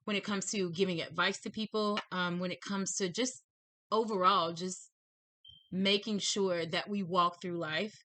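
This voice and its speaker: A woman with a lisp hosts a spiritual reading channel as a tarot reader, giving a chatty intro to a reading video. Her voice is fairly low, fairly even in intonation and a little slow, with a bright, forceful tone and no echo. Bubbly and effusive, she repeats herself and gets a bit tongue-tied chatting through announcements.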